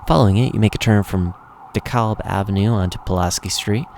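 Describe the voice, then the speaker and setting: A low-voiced man reads a game's narration aloud in a relaxed, conversational way. He drops in offhand comments between passages. A faint hiss sits under the voice. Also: brisk, vocal fry. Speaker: gamer reading a visual novel aloud. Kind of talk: reading game text with casual asides.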